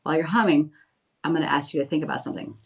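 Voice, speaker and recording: A woman's voice: deep voice, rapid-fire, vocal fry, breathy edge, rough recording. A middle-aged woman, a medium, chatting casually on a phone livestream, reading viewer comments aloud and reassuring them. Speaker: medium doing live readings.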